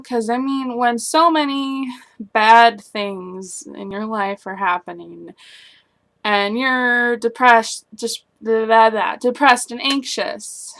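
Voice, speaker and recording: A young woman with a slightly high voice vents about her worries in a casual personal vlog. She rambles anxiously, sentences breaking off and sinking into quiet, murmured stretches. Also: gravelly. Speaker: vlogger.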